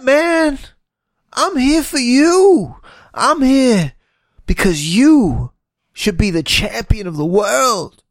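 A man playing an eerie cult-leader male wrestler in a high, drawn-out, creepy voice. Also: no room sound, clean studio sound, full character voice.

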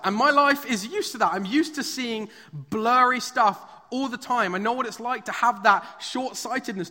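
A man's voice: extremely high pitch, normal speed, sharp tone. A man preaching a sermon at a live church service. He talks in a conversational, storytelling way and uses frequent fillers. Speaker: pastor. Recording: long reverb of a large hall.

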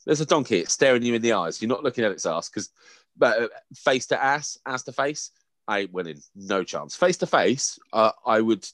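A man's voice: mid-range voice, expressive, normal speed, a bit bright, no echo, studio quality. Playful, sweary English man. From England. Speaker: podcast co-host. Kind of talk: casual chat.

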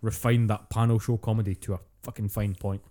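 Fast, sweary Scottish man. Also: fairly low pitch, level tone, dark tone. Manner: sweary, storytelling, acts out quotes. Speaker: podcast co-host. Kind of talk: casual chat.

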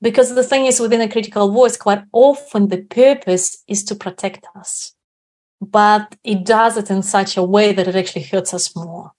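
A woman's voice: mid-range voice, moderate pace, darkish tone. Woman guest explaining with frequent "right?". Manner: frequent tag questions like "right?". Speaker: guest speaker on inner confidence. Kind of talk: reflective explanatory talk.

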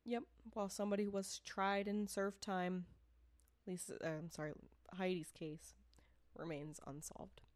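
A woman's voice: medium pitch, little pitch movement, unhurried, no echo. A woman co-hosting a casual true-crime podcast, talking frankly and with indignation, swearing and laughing often. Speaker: podcast co-host. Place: not from the area where the show is made.

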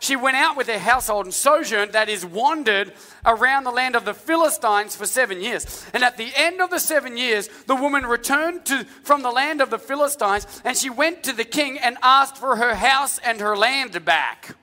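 A man preaching a sermon as lead pastor, energetic and calling out to the congregation. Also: extremely high pitch, normal speed. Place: large church hall with music. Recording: live church hall with long reverb.

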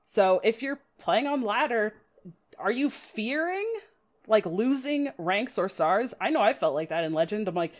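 A woman hosts a casual podcast about card game strategy, chatting away, poking fun at herself and laughing often, with dramatic quoted asides. Her mid-range voice is expressive and her pace measured.

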